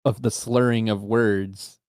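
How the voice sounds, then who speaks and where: A man's voice: on the low side, fairly even intonation, slow pace, darkish tone, dry recording, clean studio sound. A man playing a game with friends, chatting casually and tossing out joking asides. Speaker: co-player. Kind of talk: casual gaming chat.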